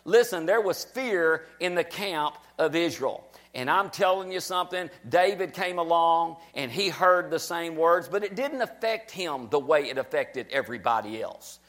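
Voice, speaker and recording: A man's voice: on the high side, lively intonation, normal speed, few pauses, fairly bright tone. A man preaching a sermon, emphatic and repetitive, urging his listeners on. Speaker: pastor.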